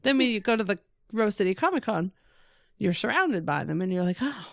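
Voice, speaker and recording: A woman guest in a casual podcast chat, bubbly and given to squealing when she quotes her own excitement. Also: medium pitch, fairly quick, vocal fry, no echo, studio quality.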